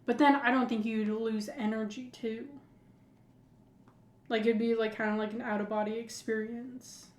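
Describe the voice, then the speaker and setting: A woman with a fairly high voice chats casually as a podcast co-host. She rambles and fills her speech with "like". The sound is echoey, as if recorded in a bare room. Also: little pitch movement, normal speed, darkish tone. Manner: rambling, heavy use of "like". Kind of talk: casual chat.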